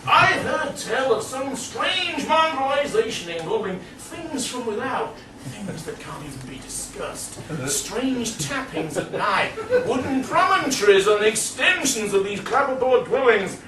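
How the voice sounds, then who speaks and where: A man's voice: very high-pitched, big pitch swings, measured pace, pitched above the performer's own voice, heavily acted. A man voicing a troubled, bookish male professor who talks in a wordy, earnest academic way. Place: meeting room. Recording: echoey hall, distant mic, background noise.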